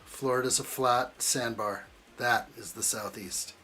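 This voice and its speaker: With a steady, sharp, medium-pitched voice, a man talks unhurriedly amid slight background noise. He's streaming himself building a model kit, reading chat aloud and teasing viewers in a joking, casual way.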